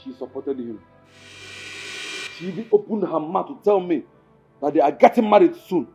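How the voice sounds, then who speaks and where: A man's voice: fairly high pitch, animated, normal speed, warm tone, highs cut off, soft background music. An actor playing a bitter, possessive jilted young man with a Nigerian accent, in a film drama. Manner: defiant, insistent repeats.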